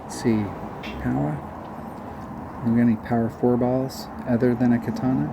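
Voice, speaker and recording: A man's voice: medium pitch, level tone, moderate pace, creaky. A man giving rambling, self-mocking casual commentary on a mobile golf game while humming little tunes, recorded with audible background noise.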